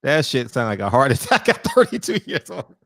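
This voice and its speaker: Laughing, animated man chatting with his stream. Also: mid-range voice, brisk, creaky, dry recording, studio quality. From American South. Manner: loud, laughing, profane banter with chat. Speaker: livestream host chatting with viewers. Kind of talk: casual livestream chat.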